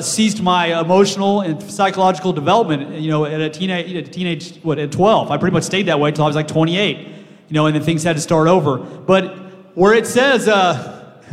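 A man giving a personal testimony in a halting way, with many pauses and restarts. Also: fairly high pitch. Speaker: guest speaker sharing testimony. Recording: hall with long reverb.

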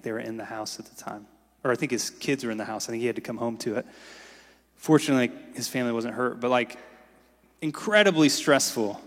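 Casual-talking male pastor in an echoing hall. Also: medium pitch. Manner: casual, conversational preaching with many "like"s. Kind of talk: sermon. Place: church sanctuary. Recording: long reverb in a large hall.

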